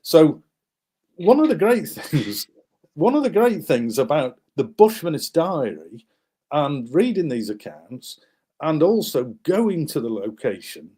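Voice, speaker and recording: A man's voice: a little high, unhurried, husky. A man, guest author, animatedly recounting a wartime story while showing maps, with many fillers and restarts. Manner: animated, acts out the people in his story.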